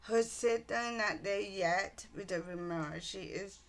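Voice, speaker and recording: A woman's voice: mid-range voice, unhurried. A woman casually retelling a novel's plot as a book reviewer, rambling with many ums and restarts.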